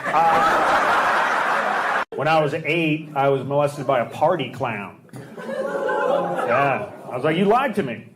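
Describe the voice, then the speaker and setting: Deadpan stand-up comedian, roomy club. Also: male voice, on the high side, slow, pauses often, heavy background noise. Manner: deadpan punchlines, teasing banter with the audience. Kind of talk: stand-up routine with crowd work. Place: comedy club stage with a live audience. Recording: roomy club with loud audience laughter.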